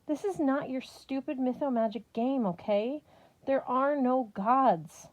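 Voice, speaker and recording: A woman's voice: medium pitch, normal speed, mellow, natural voice. A woman voicing a frightened, defensive older-sister girl who speaks in a tense, insistent way. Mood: exasperated.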